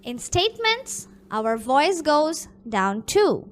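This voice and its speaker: Woman reading a grammar rule super slow, high voice swinging all over. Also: very animated. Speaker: lesson narrator. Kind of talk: reading a language lesson.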